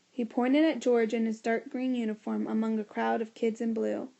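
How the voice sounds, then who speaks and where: A woman narrating a children's storybook in a steady, expressive reading. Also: on the high side, normal speed, creaky, hardly any pauses, dull audio.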